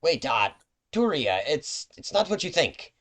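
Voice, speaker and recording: A man's voice: very deep voice, big pitch swings, measured pace, fairly bright tone, heavily acted. A man voicing an awkward, nervous young man in a tabletop game, stammering and hesitant. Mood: flustered.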